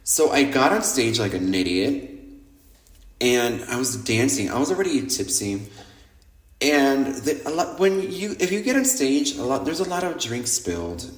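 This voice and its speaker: A man hosting a podcast, telling nightlife stories in a lively, casual monologue that is full of swearing, and acting out what other people said. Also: mid-range voice, unhurried. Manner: animated, swears freely, acts out quoted people. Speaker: podcast host. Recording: roomy echo.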